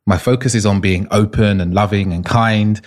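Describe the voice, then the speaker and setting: A man's voice: fairly low pitch, normal speed. A man being interviewed as an intimacy coach, telling personal stories earnestly and restarting often. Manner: earnest, searching, frequent restarts.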